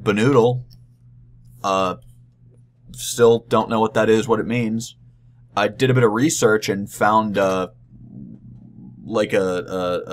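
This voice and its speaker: A young man recapping a convention panel in a casual vlog, rambling and halting with many restarts and a wry, deadpan touch. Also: fairly low pitch. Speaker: vlogger.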